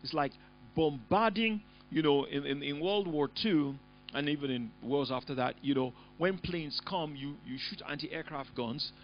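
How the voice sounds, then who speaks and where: A man preaching a sermon as pastor, emphatic, often rising into loud bursts. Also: a little high, measured pace, a little hiss or hum. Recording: dull lo-fi recording.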